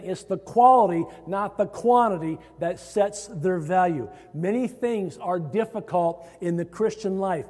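A man's voice: high-pitched, warm tone. A man from Iowa, a pastor preaching a sermon to his congregation, stressing phrases as his voice rises. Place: church sanctuary. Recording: hall reverb.

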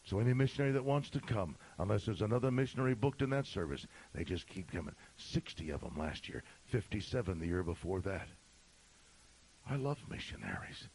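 A middle-aged male pastor telling a story in a sermon, swinging from shouting to a hushed whisper. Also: on the low side, expressive, fast, a little hiss or hum, rough recording.

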